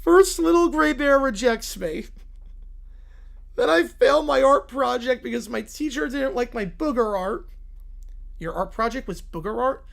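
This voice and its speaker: A synthetic voice playing a small, hot-tempered male bear cub in a fan-made cartoon, yelling and whining. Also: animated, measured pace, creaky, full character voice. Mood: whiny. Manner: shrill, whiny, yelling.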